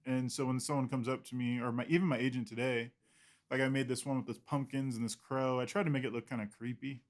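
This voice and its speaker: A man's voice: medium pitch, flat delivery, quick pace. A man, an illustrator guest in an interview, talking casually in a rambling, self-deprecating way with frequent laughs.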